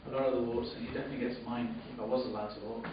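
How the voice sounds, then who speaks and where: A man's voice: flat delivery, very fast, very echoey. A man presenting awards as a director, speaking off the cuff with many ums and repeated words. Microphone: camera mic from a distance. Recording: distant, boomy, dull camera audio with room noise.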